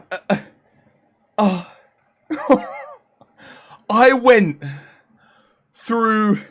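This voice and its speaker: A young British man chatting casually on a live stream, animated and laughing in exasperated banter. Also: high-pitched. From United Kingdom.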